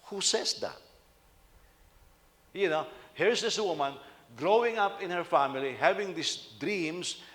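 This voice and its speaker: A man's voice: sits high, expressive, measured pace, pauses often, fairly bright tone, big-room sound. A man, a senior pastor, preaching a conversational sermon and often putting rhetorical questions to his listeners.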